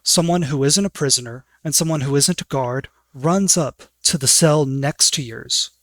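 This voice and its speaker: A man's voice: mid-range voice, normal speed, fairly bright tone, no echo. Casual male game master narrating.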